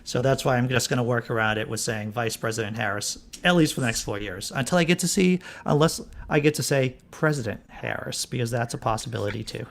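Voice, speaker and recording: A man's voice: medium pitch, quick pace, gravelly, few pauses, fairly bright tone. A man from Boston co-hosting a casual livestream chat, talking in a wry, emphatic, teasing way. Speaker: co-host.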